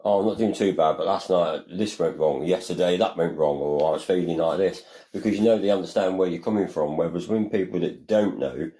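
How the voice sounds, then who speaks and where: A man co-hosts a podcast in casual chat. His voice sits low and warm, and he talks in an earnest, meandering way, circling back on his own points. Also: fairly quick, hardly any pauses, rough recording. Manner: earnest, rambling, often says "you know" and "like". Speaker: podcast co-host.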